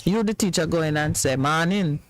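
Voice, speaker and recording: A man's voice: sits high, a little slow, dry recording, poor audio. A Jamaican man hosting a radio talk show, chatting casually and laughing often.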